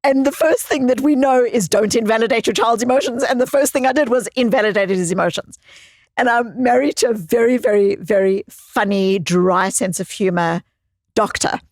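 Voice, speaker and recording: Expressive woman psychologist, dry close sound. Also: a little high, moderate pace, dry recording. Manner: expressive storyteller who repeats phrases for emphasis. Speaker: psychologist guest. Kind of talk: conversational interview storytelling.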